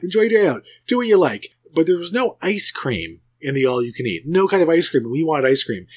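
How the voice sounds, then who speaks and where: A man with a slightly high voice, rambling through a story with lots of restarts and sudden jumps in pitch. He hosts a relaxed podcast chat. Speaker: podcast host. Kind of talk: casual chat.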